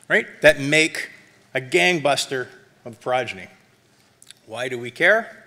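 Chatty, bright-voiced man lecturing. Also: medium pitch, lively intonation, takes it slowly, pauses often. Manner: chatty, lots of um and tag questions; self-described academic. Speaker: wine seminar presenter.

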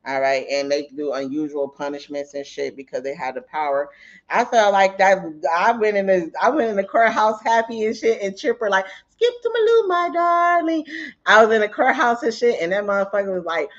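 A man's voice: high-pitched, steady tone, fairly quick. A man with a slightly raised voice gives a casual tarot reading, swearing freely and laughing often. He drifts into stories from his own life between cards. The audio is dull and lo-fi. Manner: profane and chatty, laughs often; tells anecdotes mid-reading. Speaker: tarot reader.

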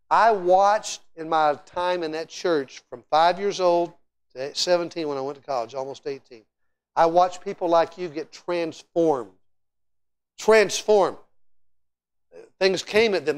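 A middle-aged man preaching a sermon in a church as guest speaker, telling stories with lively, animated delivery and frequent restarts. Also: high voice, clean tone. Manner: animated, storytelling, repeats words and restarts often. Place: church sanctuary.

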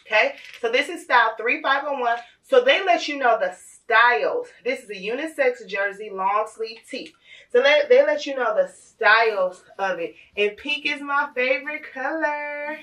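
A woman, gushing and excitable as she unboxes on her vlog. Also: fairly high pitch, moderate pace, recorded from a distance. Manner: gushing and excitable, addresses viewers as "y'all". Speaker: vlogger.

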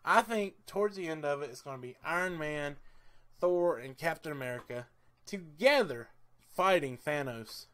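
A man's voice: on the high side, moderate pace. A man giving a casual movie review vlog, enthusiastic and rambling, with lots of "uh"s and "I mean"s. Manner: excitable and laughs easily.

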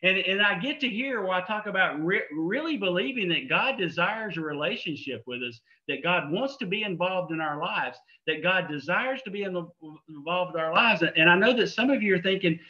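A middle-aged man delivers a sermon with a bright, tense edge to his voice, talking to the congregation in an earnest, conversational way and circling back on phrases for emphasis. His voice sits a little high for a man, and the recording sounds dull and lo-fi. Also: animated, normal speed, few pauses. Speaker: preacher. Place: church sanctuary.

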